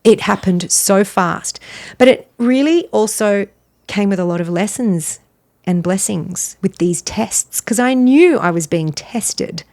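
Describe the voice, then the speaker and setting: A middle-aged woman, a wellness author and podcast guest, telling a personal story in an earnest, animated way. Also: medium pitch, unhurried. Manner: earnest, animated, laughs between phrases.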